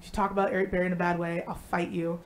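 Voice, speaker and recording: A woman co-hosting a live stream, talking casually and bluntly with lots of swearing and animated storytelling. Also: fairly low pitch, very fast, slight background noise. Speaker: co-host.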